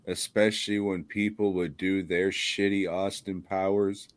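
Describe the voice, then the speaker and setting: A man with a lowish voice talks slowly and crudely on a horror podcast, mocking things and laughing often. The sound is close and dry. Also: level tone, dry recording. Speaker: podcast co-host. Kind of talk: casual comedic chat.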